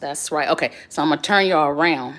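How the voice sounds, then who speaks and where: A woman's voice: deep voice, quick pace, a bit bright. Chatty woman cooking on camera. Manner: chatty, encouraging, addresses viewers as y'all and baby. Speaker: home cooking video host. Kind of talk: casual cooking demonstration to viewers.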